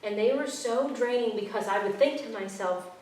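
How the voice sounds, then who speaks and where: A woman's voice: on the high side, normal speed, darkish tone, heavy reverb, distant mic, a little hiss or hum, low-quality recording. A young woman telling her own story with frankness and humor, acting out the people in it. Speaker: speaker sharing her story. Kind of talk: personal storytelling talk. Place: talk venue.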